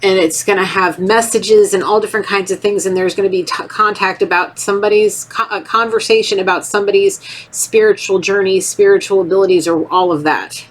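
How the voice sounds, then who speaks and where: A woman's voice: mid-range voice, fairly quick. A woman in her thirties giving a casual, rambling tarot reading, often acting out little voices. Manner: rambling, animated, acts out voices. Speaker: tarot reader.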